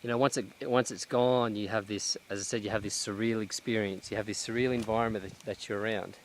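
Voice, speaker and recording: A man vlogging outdoors in a cleared pine forest, talking in a reflective, halting way with many restarts, a little out of breath. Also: lowish voice, steady tone, slight background noise. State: slightly out of breath. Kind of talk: casual vlog monologue. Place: outdoors in a cut-down pine plantation.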